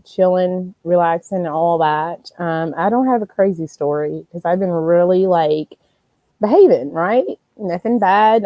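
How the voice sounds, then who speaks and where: A woman's voice: on the low side, no echo, highs cut off. A woman hosting a casual live stream, rambling chattily and greeting viewers by name.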